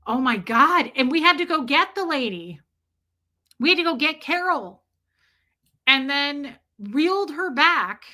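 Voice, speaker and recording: A woman hosting a casual livestream, ranting and telling stories with lots of swearing and talking straight to her chat. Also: fairly high pitch. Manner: animated, profane storytelling; talks to chat directly. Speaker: livestream host.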